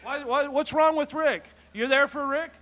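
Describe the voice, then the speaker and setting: Announcer guy, high and bright, brisk wrestling-show patter. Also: steady tone.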